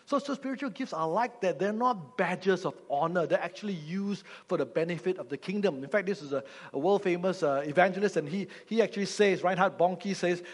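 A man's voice: high-pitched, big-room sound. A man preaching a sermon, teaching in a humorous way and putting questions to the congregation.

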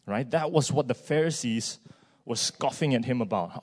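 A man's voice: medium pitch, moderate pace, a little mellow. A man, preaching a sermon in a church in a conversational way, with frequent fillers and a tag "right?".

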